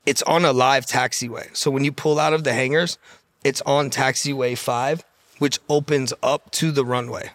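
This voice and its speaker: A man's voice: mid-range voice, steady tone, fairly bright tone, dry recording. A man in the middle of his range tells a rambling personal story at speed, swearing freely. The sound is dry and close, with no room around it. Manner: profane, fast-talking anecdote with quoted dialogue. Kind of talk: casual storytelling.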